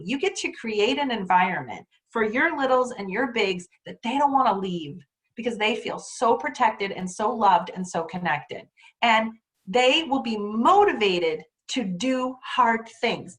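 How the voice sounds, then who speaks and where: Earnest woman leading teacher training. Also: on the high side. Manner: earnest, animated, acts out quoted dialogue; encouraging, with frequent rhetorical questions. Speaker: workshop presenter.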